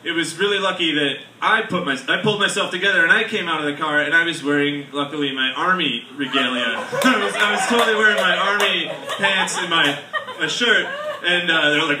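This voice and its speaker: Bright-voiced man telling a rambling stand-up story. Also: a little high, a little hiss or hum. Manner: rambling, halting delivery with many fillers. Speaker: stand-up comedian. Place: bar comedy venue. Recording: echoey room, mic from far off.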